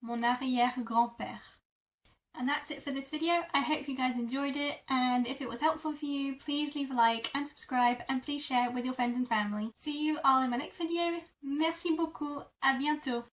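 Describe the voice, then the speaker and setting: A woman teaching French vocabulary in a lesson video, repeating words slowly syllable by syllable. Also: high-pitched, recorded from a distance. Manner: slow, drawn-out repetition of words. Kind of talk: language lesson.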